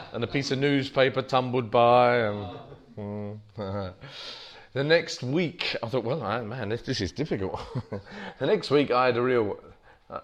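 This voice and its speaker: A man gives an informal teaching talk to a small audience as a street preacher, telling stories about himself in a self-deprecating, anecdotal way. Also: lowish voice. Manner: self-deprecating, anecdotal, with frequent restarts and chuckles. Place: meeting room with a small audience.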